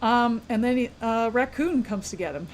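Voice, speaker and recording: A woman's voice: a little high, normal speed, slight background noise. A woman co-hosting a podcast, casually retelling a book's plot and acting out the characters' lines. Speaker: podcast co-host. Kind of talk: casual book discussion.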